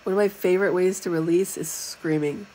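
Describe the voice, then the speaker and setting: A middle-aged woman leads a live spiritual talk, chatting frankly with her viewers. Her voice sits a little low and carries a husky edge. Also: fairly quick, low-quality recording. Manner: chatty, frank, animated teaching with asides to viewers. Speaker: spiritual teacher.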